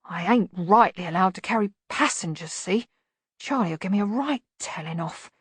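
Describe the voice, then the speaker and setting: A woman reading an audiobook voices a nervous male cart driver who babbles in a high-pitched wheeze. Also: animated, normal speed, husky, dry recording. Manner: babbling, loud and squeaky.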